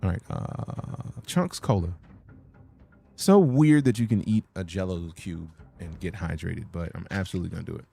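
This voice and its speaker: A man's voice: deep voice, moderate pace, gravelly, mellow, faint music behind. A young adult man streaming a game live, chatting casually, with profane, joking commentary and sudden sing-song bursts. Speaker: gaming streamer.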